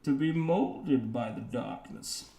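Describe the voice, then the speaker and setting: A man voicing a sinister master who trains recruits for the darkness, speaking slowly and quietly with a low, gravelly drawl in a tabletop game. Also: echoey room. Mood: menacing. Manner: slow, hushed and menacing.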